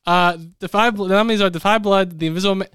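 A man hosting a casual podcast chat, talking fast and animated as he announces award nominees. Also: high voice, clear, resonant tone, no echo, studio quality. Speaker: podcast host.

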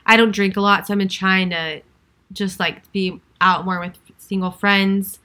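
A woman's voice: medium pitch, steady tone, a little slow, bright, forceful tone. A young woman in casual chat, asking friends for dating advice, full of "like" fillers. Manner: chatty, lots of "like" fillers.

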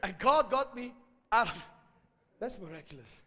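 A South African man preaching a sermon, telling stories and building to loud, emphatic exhortation. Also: very high voice, animated, a little fast, long reverb tail.

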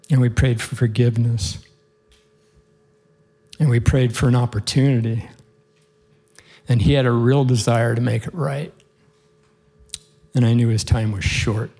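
A man's voice: mid-range voice, vocal fry. A man preaching, telling a heartfelt story to his congregation in an earnest way. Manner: earnest, heartfelt storytelling with occasional soft laughs. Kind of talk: sermon storytelling.

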